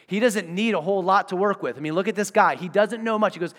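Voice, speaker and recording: A man's voice: high voice, fast talker. A man preaching a sermon as pastor, acting out the voices of the people he talks about. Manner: animated, acts out voices of the people he describes. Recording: reverberant church hall.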